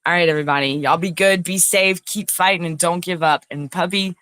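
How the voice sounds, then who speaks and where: A woman's voice: fairly low pitch, a little fast, a bit bright, smooth, no room sound. Lady rambling to her live chat, dry close sound, talks right at the viewers. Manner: chatty, rambling, addresses viewers as y'all. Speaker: talk show host. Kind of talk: casual livestream sign-off.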